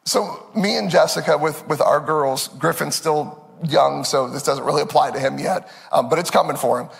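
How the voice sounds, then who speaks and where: Male pastor, sermon, animated, gravelly, slightly high voice, long hall reverb. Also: normal speed. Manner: animated, conversational, laughs often.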